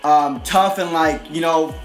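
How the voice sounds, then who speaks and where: A man's voice: on the high side, measured pace. A man giving a casual motivational monologue, blunt and profane, who ends almost every sentence with "right?". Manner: profane, repeats "right?" constantly; blunt and aggressive. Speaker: motivational video host. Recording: echoey room with music behind.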